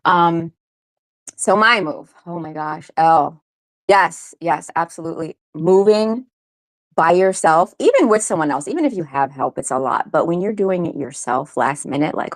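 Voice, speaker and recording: Woman, American accent, host, casual live chat, animated, chatty, slightly low voice. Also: moderate pace. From United States. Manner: animated and chatty, laughs often.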